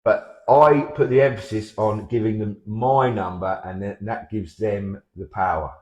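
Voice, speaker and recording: A man in his fifties with a Portsmouth English accent, trading deadpan comic chat and stumbling self-deprecatingly over his words. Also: fairly low pitch, measured pace, roomy sound, muffled recording. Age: 50s. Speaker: comedy double-act partner.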